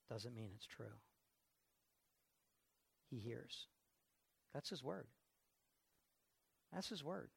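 A middle-aged pastor preaching a sermon, emphatic, swinging from quiet asides to loud outbursts. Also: male voice, medium pitch, vocal fry, husky.

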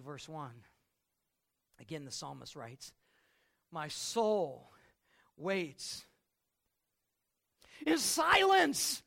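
A middle-aged man preaching a sermon as pastor, telling stories with loud outbursts and quiet reflective stretches. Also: mid-range voice, vocal fry.

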